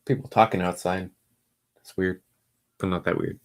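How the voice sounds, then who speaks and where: Deep-voiced guy rambling on his stream, low-key and mumbly. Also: steady tone, normal speed. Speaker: podcast host. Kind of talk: casual solo livestream chat.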